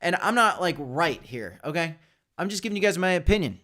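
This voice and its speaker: A man with a high, bright voice hosts a live crypto stream, speaking quickly and very animatedly with a forceful tone. He addresses his viewers directly and opinionatedly in casual commentary, often restarting and correcting himself.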